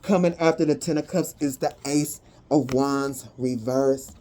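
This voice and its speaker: In a bass voice, unhurried, a woman delivers a tarot and energy reading to her audience. Her talk is lively and slang-heavy, broken by sudden excited whoops.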